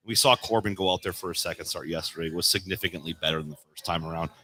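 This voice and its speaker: A man guesting as a sports reporter on a live radio show from a bar, talking in a lively way. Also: low voice, racing, husky. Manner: lively, expressive delivery. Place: bar, live remote broadcast.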